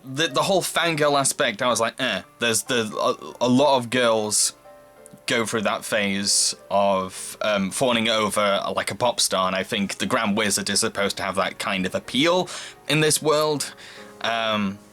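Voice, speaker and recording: A man's voice: lowish voice, measured pace, bright, forceful tone, soft background music. Giggly man reviewing a film. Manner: giggly, rambling. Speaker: movie review host. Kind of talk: casual chat.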